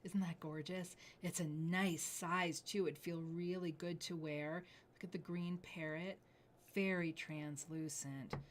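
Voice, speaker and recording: Lowish-voiced lady selling jewelry on a live stream, gushy, keeps going breathy and whispery, faint hiss behind. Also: fairly even intonation, unhurried. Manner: gushing, breathy asides dropping to near whispers. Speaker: jewelry sales host. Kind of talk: live shopping presentation.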